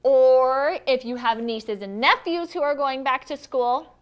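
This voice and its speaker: A woman's voice: high-pitched, measured pace, smooth. A woman hosting a casual live stream, chatty and giggly as she greets viewers and runs a giveaway. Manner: chatty, giggly, reads viewer comments aloud. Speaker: livestream host.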